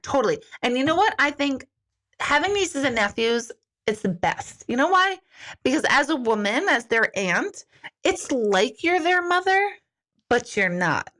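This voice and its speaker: Chatty woman hosting a spiritual livestream. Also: fairly high pitch. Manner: chatty and animated, quick asides and self-deprecating laughs. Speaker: spiritual medium hosting a live Q&A. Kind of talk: casual livestream chat reading viewer comments.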